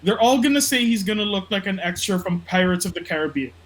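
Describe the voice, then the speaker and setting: A man's voice: sits high, lively intonation, fast talker, a bit bright, slight background noise, rough recording. A man co-hosting a casual wrestling podcast from the Philippines, ranting with lots of swearing and mocking impressions. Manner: profane, ranting, mock-impressions. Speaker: podcast co-host.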